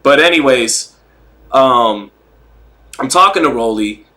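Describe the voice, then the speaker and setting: A man hosting a casual livestream, rambling, joking and reading chat comments out loud. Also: mid-range voice, expressive, slow pace. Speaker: livestream host.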